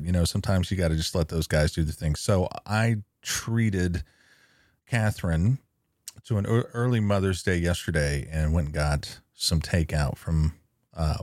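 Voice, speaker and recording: A man's voice: low-pitched, a little mellow, no room sound, clean studio sound. A man hosting a podcast, chatting in a rambling, easygoing way. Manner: chatty, rambling, quick to laugh. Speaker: podcast host. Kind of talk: casual chat.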